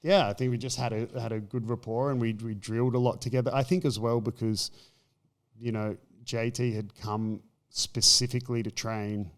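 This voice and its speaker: An Australian man in a casual chat, telling animated stories and acting out quotes. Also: mid-range voice, normal speed. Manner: animated storytelling, acts out quotes. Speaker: podcast guest.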